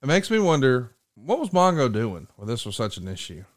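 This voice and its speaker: A man hosting a podcast in casual chat, retelling stories with lively jumps in voice when quoting others. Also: mid-range voice, a little fast, no room sound. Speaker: podcast host.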